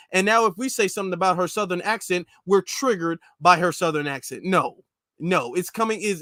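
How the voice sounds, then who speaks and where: A man's voice: sits high, fairly bright tone, dry recording, studio quality. A man hosting an opinion commentary show, reacting to clips in an indignant, emphatic way and repeating his points. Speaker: commentary channel host.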